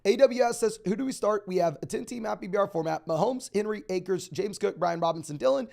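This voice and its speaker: Young man, high-pitched voice, rapid-fire auctioneer-style delivery, live stream host. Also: lively intonation, creaky, a little mellow. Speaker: fantasy football host.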